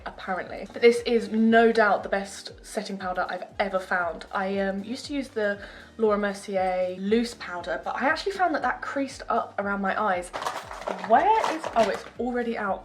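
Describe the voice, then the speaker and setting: A young woman talks in a chatty, rambling, self-deprecating way. Her pitch sits in an ordinary middle range for a woman. Faint music plays quietly behind her. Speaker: beauty vlogger. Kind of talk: casual chat.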